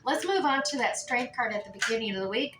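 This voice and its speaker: A woman reads tarot cards in a loose, chatty way, often restarting her sentences and filling pauses. Her voice sits a bit high and comes from some distance off the mic. The room is echoey, with a faint hiss underneath. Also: animated. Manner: chatty, with many fillers and restarts. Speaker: tarot reader. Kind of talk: casual tarot reading.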